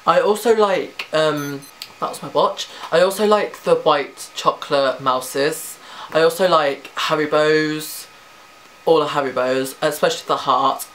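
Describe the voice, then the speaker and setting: A teenage man chatting casually through a tag questionnaire, rambling and quick to giggle. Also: fairly high pitch, pushed and bright, slight background noise. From Britain. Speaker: vlogger.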